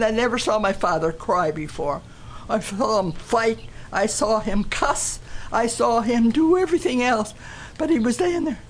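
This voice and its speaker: A woman's voice: a little high, a little slow, slight background noise. A woman giving an earnest, emotional personal testimony to a church gathering.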